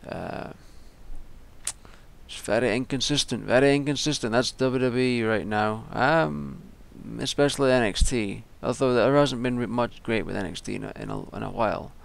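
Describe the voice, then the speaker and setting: A man's voice: medium pitch, moderate pace, creaky, few pauses. A young man giving casual, rambling solo commentary, with frequent ums and restarts. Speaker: wrestling vlogger.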